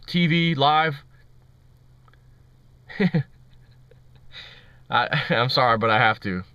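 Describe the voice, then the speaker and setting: A man's voice: mid-range voice, lively intonation, normal speed, pauses often, a bit bright, dry recording, muffled recording. Sarcastic male vlogger ranting. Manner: sarcastic, mocking. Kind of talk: ranting commentary.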